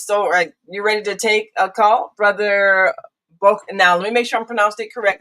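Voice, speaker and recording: A woman's voice: mid-range voice, fairly bright tone, rough recording. An older woman hosting a live call-in talk show, chatty, with frequent fillers and restarts. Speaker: show host.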